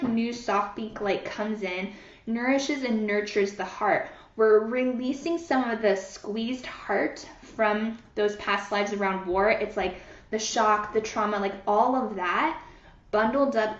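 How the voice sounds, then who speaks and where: A woman leading a live-streamed guided healing session, speaking soothingly and greeting viewers by name, with many fillers. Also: mid-range voice. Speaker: energy healer leading a live group session. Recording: roomy, dull lo-fi sound.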